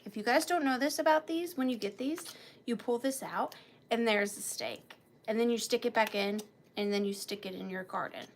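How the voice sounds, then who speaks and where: A high-pitched woman hosts a live sale of vintage finds, chatting casually and greeting viewers by name between items. She laughs often and sounds a bit out of breath as she talks. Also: fairly bright tone. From Georgia, US. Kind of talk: casual live-stream selling.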